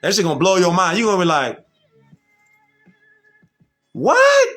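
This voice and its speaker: A man's voice: high-pitched, rapid-fire, a bit bright, faint music behind. A man talking in a casual, slangy monologue, emphatic and full of rhetorical questions. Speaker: vlogger.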